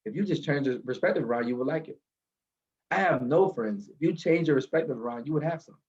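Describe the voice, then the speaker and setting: A man telling a motivational story from his car, animated and building to a lesson, over a video call. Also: a little high, rapid-fire, highs cut off. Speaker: guest speaker.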